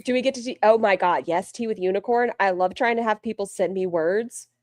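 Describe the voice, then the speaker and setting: A woman's voice: mid-range voice, fairly quick, a little mellow, no room sound, studio quality. A woman co-hosting a live reaction stream, chatting casually with sarcastic jokes. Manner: sarcastic, joking. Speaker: co-host.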